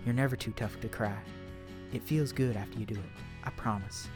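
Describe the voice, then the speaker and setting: A man voicing a warm, tough mother from the American South as he reads her letter to her unborn child in a folksy, heartfelt way. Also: fairly low pitch, brisk, music in the background, close to an everyday voice. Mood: tender. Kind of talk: reading a letter aloud in character.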